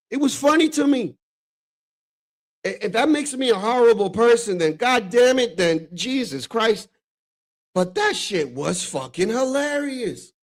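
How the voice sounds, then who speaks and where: A man from the Dominican Republic hosting a stream, reacting to clips in loose, profane chat full of "bro" and frequent laughter. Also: very high-pitched. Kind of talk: casual reaction commentary.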